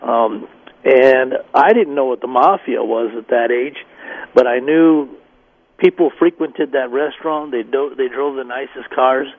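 A man's voice: medium pitch, measured pace, no echo. A man from the Denver area, a guest telling his life story and acting out the people he quotes. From Denver area, Colorado. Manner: storytelling, acts out quoted voices. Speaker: guest, former gang member. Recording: tinny phone line.

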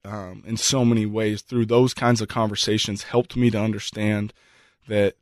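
Guy telling a story in an interview, earnest, kinda halting, low voice, dry close sound. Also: flat delivery, no echo. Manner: earnest, halting with repeated restarts. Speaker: guest. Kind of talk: reflective storytelling in conversation.

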